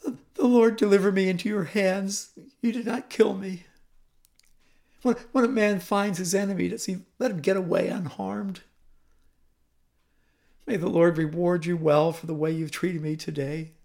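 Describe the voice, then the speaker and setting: A man's voice: fairly high pitch, creaky, darkish tone. A man voicing a defeated, remorseful old king with a quavering, stammering voice.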